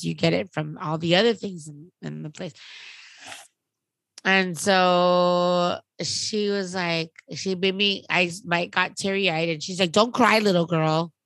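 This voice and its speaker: A woman in her thirties, podcast co-host, chatting casually and telling an animated story, acting out what others said. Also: fairly low pitch, a little slow, gravelly, dry recording. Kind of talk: casual chat.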